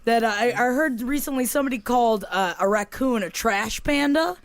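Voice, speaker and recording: A man co-hosting a comedy podcast, talking haltingly with many fillers and restarts. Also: very high-pitched, creaky, no room sound. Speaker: podcast co-host. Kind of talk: casual comedy banter.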